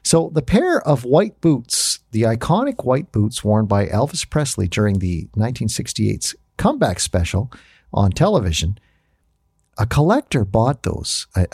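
A man co-hosting a casual music podcast, telling animated stories and laughing often. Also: on the low side, vocal fry, slightly rough, dry recording, clean studio sound. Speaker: podcast co-host. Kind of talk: casual chat.

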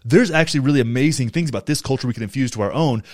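Fast-talking heated man. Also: mid-range voice, a little mellow, no echo, clean studio sound. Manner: profane, heated and emphatic, frequent restarts. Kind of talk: casual podcast chat.

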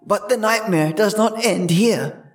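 Man voicing old grandmother, eerie ghost-tale teller, slow ominous hush, raised pitch, music under. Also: recorded from a distance. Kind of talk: horror story narration.

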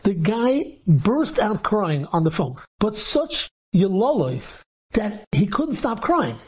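A man, a rabbi, telling an inspirational story in a lively way, dropping Yiddish and Hebrew words into his telling. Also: sits high, slow pace, breathy edge.

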